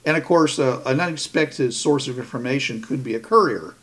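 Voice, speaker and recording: A man's voice: mid-range voice, fairly quick, a bit bright. A man co-hosting a casual podcast, thinking aloud as he runs through a list of ideas. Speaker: podcast co-host.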